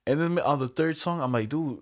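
A young man telling a story in a casual chat, relaxed and profane, slipping into quoted voices. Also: on the high side, a little fast.

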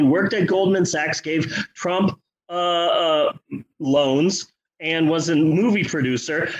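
A man with a rather high voice riffs sarcastically on a bad movie, cursing freely. His pitch jumps all over the place as he tells the story. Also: rough recording. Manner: profane, sarcastic, animated storytelling. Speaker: podcast co-host. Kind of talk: casual comedic movie-review podcast chat.

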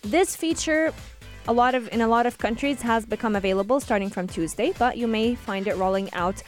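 A woman co-hosting a radio show, explaining news stories in a relaxed conversational way. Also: fairly high pitch, brisk, faint music behind. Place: radio studio. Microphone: studio microphone.

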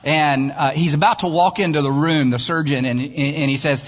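A male pastor preaching a sermon in a church, telling stories in an animated way and chuckling at his own jokes. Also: on the high side, moderate pace. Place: church sanctuary. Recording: long church-hall reverb.

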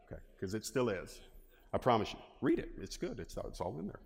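A male pastor preaching a lively sermon and asking his congregation questions. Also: on the low side, a little fast, creaky. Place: church hall. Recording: long hall reverb.

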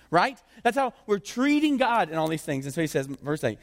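Male pastor, fairly high voice, lively sermon delivery, long church-hall reverb. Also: normal speed, hardly any pauses. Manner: animated preaching, voice climbing high for emphasis.

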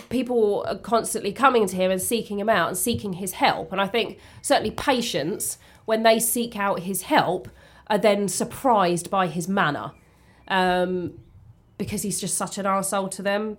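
A woman in a casual podcast chat, talking bluntly with many ums and restarts. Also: medium pitch. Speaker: podcast co-host.

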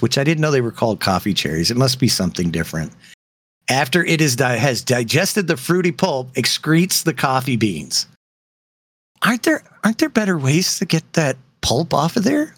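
A man's voice: fairly high pitch, a bit bright, no room sound. A man co-hosting a casual podcast chat, joking and laughing often. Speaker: podcast co-host.

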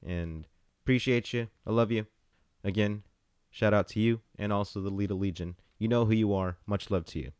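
A man hosting a podcast, giving casual, playful shout-outs and hyping up listeners. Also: on the low side, normal speed, clean tone, dry recording. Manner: hyped, playful, riffs on names. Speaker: podcast host.

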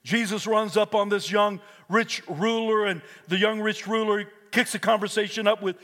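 A male pastor preaching a fervent sermon, moving between hushed talk and shouts and calling on the congregation to repeat after him. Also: sits high, steady tone, moderate pace, big-room sound. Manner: calls on the congregation to repeat words. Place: church sanctuary.

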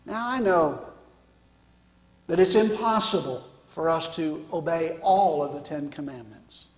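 A man preaching a sermon as pastor, swinging from loud declarations to hushed line endings. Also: a little high, a little slow. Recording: echoey hall.

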